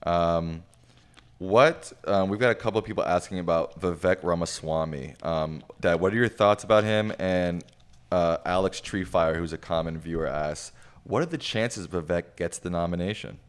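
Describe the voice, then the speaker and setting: A man hosting a casual livestream, relaxed and reading viewer questions aloud to his guest. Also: low voice, normal speed, clear, resonant tone. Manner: casual, relaxed, with frequent fillers.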